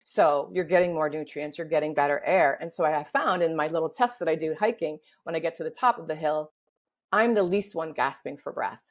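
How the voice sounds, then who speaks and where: A woman with a low voice guides listeners through a breathing exercise with calm, slow instruction. She then explains breathwork on a podcast. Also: rough recording. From United States. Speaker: breathwork facilitator guest.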